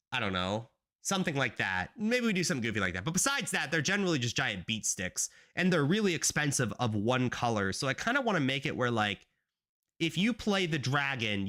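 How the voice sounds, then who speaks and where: A man's voice: mid-range voice, bright, forceful tone. A man streaming as a game developer, chatting casually and rambling with lots of fillers. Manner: rambling, filler-heavy talk. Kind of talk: casual live-stream chat.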